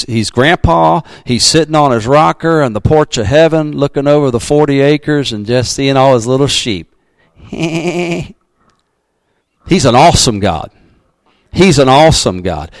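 A man's voice: mid-range voice, no echo, low-quality recording. A male pastor preaches with folksy, emphatic energy and casual asides. His voice sits in the middle range. The sound is dry and close. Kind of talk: sermon.

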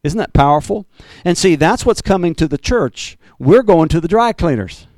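A man preaching a fiery Pentecostal sermon, swinging from loud bursts to low, intense asides. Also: lively intonation, normal speed, dry recording. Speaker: pastor.

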